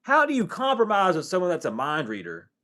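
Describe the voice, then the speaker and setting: A man talking straight to camera in a casual, profane spiritual vlog, animated and laughing between thoughts. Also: high-pitched, a little fast. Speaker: tarot reader and healer.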